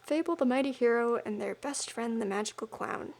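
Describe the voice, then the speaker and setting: A woman's voice: fairly high pitch, fairly quick, darkish tone. A woman streaming a game, making playful, giggly asides, often half-whispered. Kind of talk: let's-play commentary.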